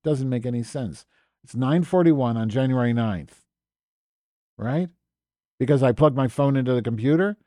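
A man's voice: mid-range voice, normal speed, pauses often, dark tone, dry recording, studio quality. A man hosting a live stream, ranting with exasperated, profane sarcasm as he comments on his screen. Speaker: podcast host.

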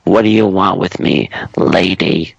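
A man voicing a frantic, battered middle-aged woman with a shrill, panicked manner. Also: measured pace, gravelly, breathy edge, no room sound, lo-fi sound, heavily acted. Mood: indignant.

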